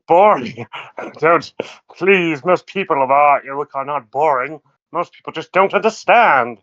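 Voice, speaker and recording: A man running a tabletop role-play in an animated way, laughing often. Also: a little high, slow pace, no room sound. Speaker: game master. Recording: dull online call audio.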